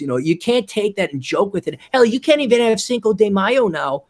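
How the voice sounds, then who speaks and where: A man holding court on a podcast, loose and profane in casual banter. His pitch swings widely as he talks, and he keeps breaking into quick put-on voices. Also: very animated. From American. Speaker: podcast host. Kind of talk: casual chat.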